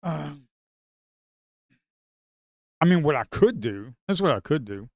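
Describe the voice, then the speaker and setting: A man giving casual, rambling commentary on his trading screen, excitable and slangy. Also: a little high, unhurried, no echo, studio quality. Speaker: futures trader and video host.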